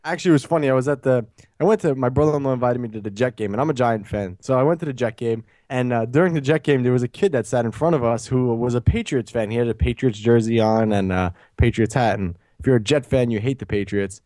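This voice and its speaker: A man with a New York accent co-hosting a fitness podcast in casual chat, excitable and quick to stumble over his own words. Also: medium pitch, no echo, studio quality. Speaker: podcast co-host.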